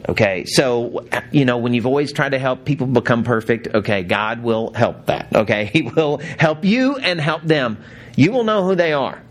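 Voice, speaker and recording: A man's voice: medium pitch, expressive, moderate pace. A man preaching a sermon, telling stories with laughs and acting out quotes. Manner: storytelling with laughs and acted quotes. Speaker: pastor.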